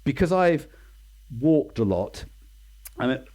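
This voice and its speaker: A man's voice: mid-range voice, very animated, takes it slowly, darkish tone. A man in his sixties with an English accent, a guest in a casual interview, telling stories in a chatty, self-deprecating way and acting out the people he quotes. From England. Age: 60s.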